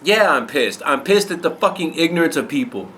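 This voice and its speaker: A man's voice: fairly high pitch, very animated, a little fast, a bit bright, a little hiss or hum. A man ranting angrily and bluntly to camera, swearing heavily as he talks to his viewers. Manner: angry, blunt, heavy swearing. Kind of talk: angry profane rant to camera.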